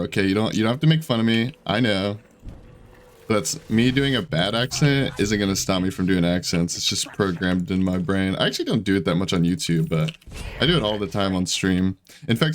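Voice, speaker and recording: A man giving casual gameplay commentary, chatty and self-deprecating as he thinks aloud about his moves. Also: deep voice. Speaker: gaming YouTuber.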